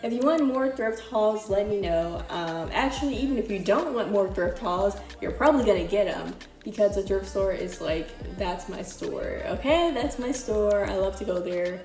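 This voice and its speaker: A woman's voice: mid-range voice, animated, normal speed, few pauses, darkish tone. A young woman vlogging casually about a thrift haul, chatty and loose with lots of filler words, a little out of breath. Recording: echoey room with faint music.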